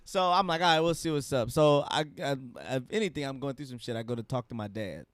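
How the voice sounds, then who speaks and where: A man's voice: quick pace, clear, resonant tone, no room sound, clean studio sound. A man co-hosting a comedy podcast, telling a rambling story with bursts of laughter and a trailing, mumbled delivery. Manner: animated storyteller, swings between low mumbling and loud laughing outbursts. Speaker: podcast co-host.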